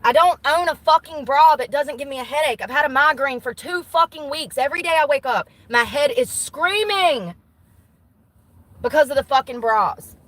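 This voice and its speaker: A woman's voice: sits high, animated, moderate pace, fairly bright tone, poor audio. Blunt, foul-mouthed woman ranting in car. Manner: profane, blunt, exasperated ranting. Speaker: vlogger. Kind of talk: casual ranting vlog. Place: inside a parked car.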